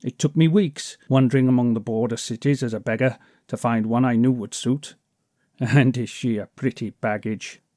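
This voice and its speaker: A man reading an audiobook, voicing a fat, boastful male kidnapper who talks loudly and mocks his listener. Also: medium pitch, steady tone, normal speed, no echo, studio quality, lightly acted. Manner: blustering, mocking, self-important.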